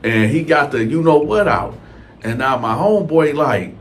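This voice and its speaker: A man's voice: mid-range voice, animated, normal speed. A man telling a prison story in casual, slangy storytime style, talking straight to his listeners. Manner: conversational, slangy, addresses listeners as y'all.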